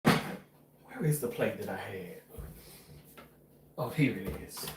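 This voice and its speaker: A man's voice: on the low side, lively intonation, slow, recorded from a distance. Chatty man in an echoey kitchen. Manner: chatty, rambling, casual swearing. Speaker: cooking vlogger. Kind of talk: casual home cooking vlog. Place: home kitchen. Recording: echoey room, voice off-mic, faint noise.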